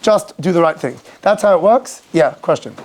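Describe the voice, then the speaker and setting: Animated rabbi teaching a class. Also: male voice, sits high, moderate pace. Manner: animated, acts out quoted voices and asks rhetorical questions. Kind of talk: informal Torah class.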